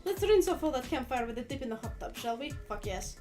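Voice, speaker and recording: Woman doing a Russian accent, game huntress killer, coy and menacing, high-pitched, music underneath. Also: expressive, fast, dark tone. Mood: teasing. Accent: put-on Russian.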